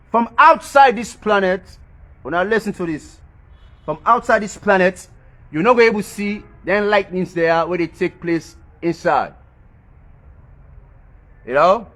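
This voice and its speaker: A man delivering a rambling monologue in creole-tinged informal English. He repeats phrases for emphasis and chuckles softly to himself. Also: sits high. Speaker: social media commentator. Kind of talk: rambling spoken monologue about planets and religion.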